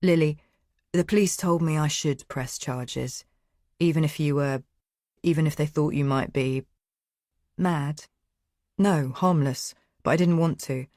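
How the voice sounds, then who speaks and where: A woman's voice: low voice, a little slow, long pauses, dry recording, studio quality. A woman narrator voicing an angry young male neighbour, blunt and swearing. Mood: coaxing, calmer. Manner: shouting, sweary, then coaxing.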